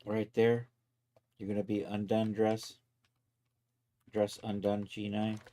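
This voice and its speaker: A man livestreaming his 3D art work in a casual, chatty way, talking to viewers and to his software as he goes and chuckling often. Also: on the low side, monotone, slow. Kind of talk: casual live-stream commentary.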